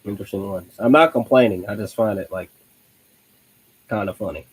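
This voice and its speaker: A young man talks casually on a live stream, rambling and restarting his sentences. His voice sits a little low and has a husky, breathy edge. He breaks into laughs often. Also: fairly quick, rough recording. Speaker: host of a live online show.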